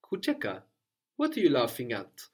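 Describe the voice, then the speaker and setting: A man's voice: mid-range voice, wildly swooping pitch, moderate pace. A man guiding a language lesson, prompting a learner and repeating her answers in a patient, encouraging way. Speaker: language teacher.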